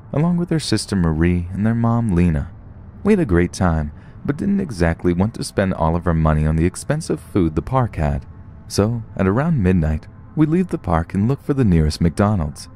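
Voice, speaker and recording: A man with a very low, dark voice narrates scary true stories. His pitch moves a lot as he tells them, rising and falling with the story. The telling is scripted and steady. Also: a little hiss or hum. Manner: storytelling, puts on short voices for quoted people.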